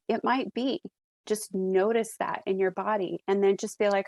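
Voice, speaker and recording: A woman hosting a podcast, speaking in a calm, reflective coaching tone in casual conversation. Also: mid-range voice, moderate pace, no echo. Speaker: podcast host. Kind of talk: casual chat.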